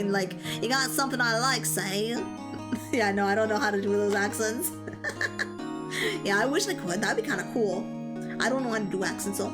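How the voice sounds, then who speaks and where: Bubbly young female streamer, casual chat, giggly, game music behind. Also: medium pitch.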